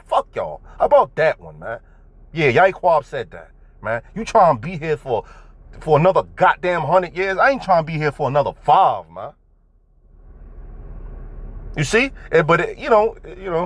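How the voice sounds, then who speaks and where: A man's voice: on the high side, dry recording. A man giving casual religious commentary, swearing freely and asking his viewers emphatic questions, recorded indoors. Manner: profane, emphatic, talks to viewers directly. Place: indoors at home.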